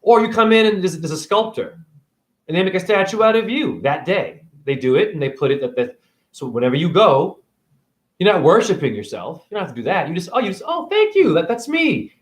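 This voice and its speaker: A man's voice: fairly high pitch, expressive, brisk. Rambling, preachy man with a raised voice. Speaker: spiritual video blogger. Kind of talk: rambling monologue to camera.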